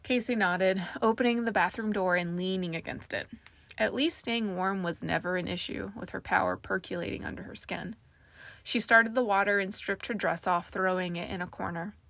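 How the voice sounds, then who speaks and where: A woman narrating a fantasy story aloud in a steady storytelling manner, giving each character a voice. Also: medium pitch, normal speed, creaky, no echo. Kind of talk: audiobook narration.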